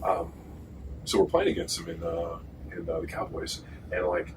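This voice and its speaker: A man, a former pro football lineman and podcast host, telling profane, animated stories in casual chat. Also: sits low, normal speed, creaky. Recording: distant mic with noisy room.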